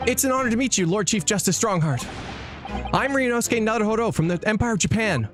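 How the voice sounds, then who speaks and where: A man doing a squeaky, timid young lawyer. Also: lively intonation, quick pace, music in the background. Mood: nervous. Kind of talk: reading game dialogue aloud.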